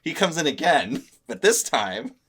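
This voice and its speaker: A man's voice: fairly high pitch, measured pace, husky. A young man hosting a casual chat, reacting with frequent laughter. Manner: laughs often, lively reactions. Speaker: host.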